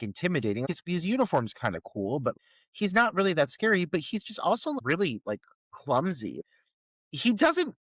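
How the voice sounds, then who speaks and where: A man's voice: fairly high pitch, a bit bright, dry recording. A man co-hosting a horror movie podcast, ranting in casual, profane, sarcastic chat. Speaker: podcast co-host.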